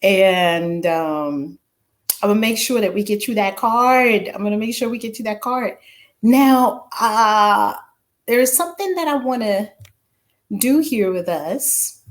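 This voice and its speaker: A woman's voice: medium pitch, unhurried. A woman author hosting a casual livestream, exuberantly calling out greetings to viewers by name.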